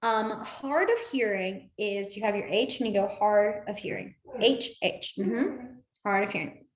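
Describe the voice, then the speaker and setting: A woman's voice: medium pitch, unhurried, echoey room. A woman teaching a beginner sign language class in a chatty way, with many fillers and frequent laughs. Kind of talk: casual class instruction.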